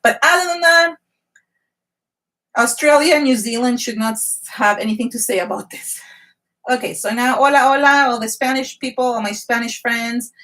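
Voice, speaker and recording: A woman hosting a live art journaling class, chatting excitedly and greeting viewers one by one. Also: fairly high pitch, moderate pace, distant mic.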